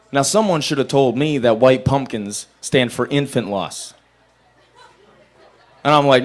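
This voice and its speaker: A young man on a small bar stage at an open mic, talking into a handheld mic. He tells his stand-up stories flatly and deadpan at a mid pitch, then jumps into loud, high voices for the people he quotes. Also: normal speed. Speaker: stand-up comedian. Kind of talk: stand-up comedy set.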